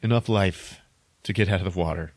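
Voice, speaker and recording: Low-voiced man rambling through a story. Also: fairly quick, no room sound. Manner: rambling, animated storytelling with sound effects. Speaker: podcast host. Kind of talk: casual movie plot recap.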